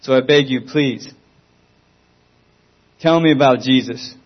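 Guy giving an earnest pleading testimony, normal pitch, kinda muffled lo-fi audio. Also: slow pace. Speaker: Christian testimony speaker.

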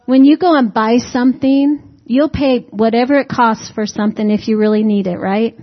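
A woman whose voice sits on the high side, with fairly even intonation, preaches at normal speed. Her sermon is conversational and folksy, peppered with rhetorical questions and humorous asides, and the recording is dull and lo-fi.

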